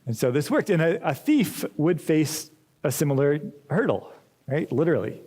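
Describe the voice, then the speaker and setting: A man preaching a sermon in a church, speaking in a measured, deliberate way with touches of dry humor. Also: on the high side, very animated, a little mellow. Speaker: pastor.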